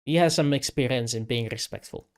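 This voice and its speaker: A man narrating as game master, slow and hesitant, with many pauses and fillers. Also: medium pitch, smooth.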